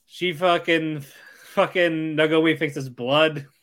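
A man's voice: a little high, fairly even intonation, slow pace, fairly bright tone. A man co-hosting a casual anime podcast, chatty and laughing often as he recaps. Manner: chatty, laughs between lines, interjects. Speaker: podcast co-host.

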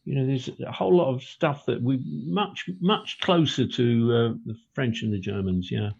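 British guy, husky lowish voice, rambly chat, kinda dull muffled audio. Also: moderate pace, darkish tone. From Britain. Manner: rambling, self-correcting, with many ums and restarts. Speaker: author and podcast guest. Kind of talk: casual chat.

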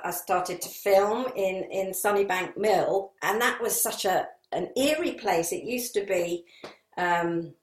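A woman's voice: mid-range voice, takes it slowly. Woman from down south, rambly storyteller full of ums, room echo on her voice. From southern England. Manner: rambling, many ums and asides. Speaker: actress guest. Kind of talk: anecdotal interview chat.

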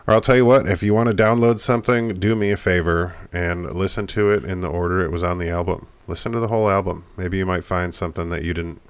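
A man hosting a podcast, speaking in a somber, low-key, unhurried way. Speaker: podcast host. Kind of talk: casual podcast talk.

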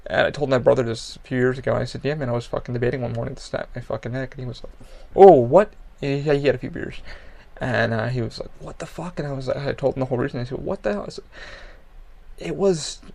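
A man's voice: medium pitch, steady tone, very fast, creaky. A man hosting a podcast, speaking bluntly and profanely in a candid, conversational monologue with frequent restarts. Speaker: podcast host.

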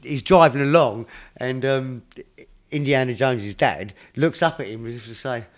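A man chats casually about a film at an ordinary pitch. He livens his retelling by acting out characters' lines and sound effects. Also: normal speed.

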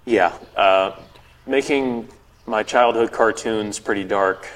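In a large hall, a man co-hosting a podcast talks slowly in a lowish, slightly bright voice. He rambles through casual conversation, leaning heavily on "like" and "you know."

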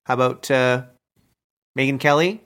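A man co-hosting a comedy podcast, talking in a deadpan way. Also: mid-range voice, normal speed. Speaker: co-host.

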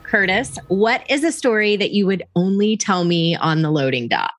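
A woman's voice: mid-range voice, lively intonation, moderate pace, dry recording. Upbeat woman hosting an interview, dry close sound. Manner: upbeat, reacts with laughs and exclamations. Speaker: interview host. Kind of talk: casual interview.

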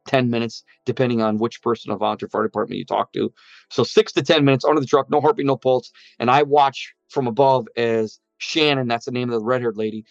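A man's voice: mid-range voice, no room sound. A man giving an earnest spoken account of a near-death experience, acting out what others said. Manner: earnest storytelling, quoting voices. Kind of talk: personal testimony. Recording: muffled sound with soft music under it.

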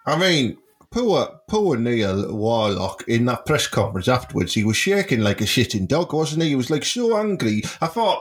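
Bloke on a podcast cracking crude jokes, mid voice, really lively pitch. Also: male voice, moderate pace. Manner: crude, joking, animated storytelling. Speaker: podcast co-host. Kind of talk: casual podcast banter.

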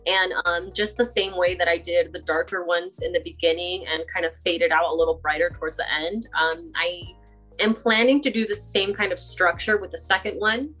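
A woman's voice: lowish voice, fairly even intonation, normal speed, a bit bright. Chatty woman with light background music. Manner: chatty, laughs often, many fillers. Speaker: guest poet. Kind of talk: casual interview chat.

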